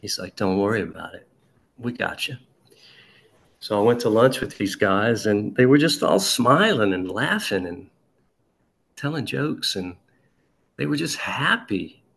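A man telling a personal recovery story in a halting, conversational way, with frequent restarts and asides. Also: on the low side, sing-song, creaky, fairly bright tone, husky. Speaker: speaker sharing a recovery story. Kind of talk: personal testimony.

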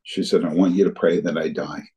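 An older man shares his recovery story with earnest conviction. He recounts remembered conversations in a deep, dark, husky voice. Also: fairly even intonation, a little fast, poor audio. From New Jersey area. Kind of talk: personal testimony talk.

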